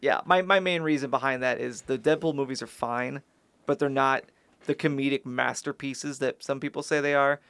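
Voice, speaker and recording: A man's voice: mid-range voice, fairly even intonation, moderate pace, gravelly, fairly bright tone, smooth, dry recording. A man co-hosting a podcast in casual chat, arguing his points insistently with a nasal voice. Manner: argumentative, insistent. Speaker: podcast co-host.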